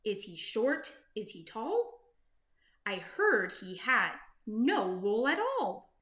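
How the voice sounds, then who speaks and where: A woman's voice: fairly high pitch, big pitch swings, slow pace, a bit bright, reverberant, full character voice. A woman voicing a gossipy, doubtful sheep in a storybook, asking questions in a gossipy way.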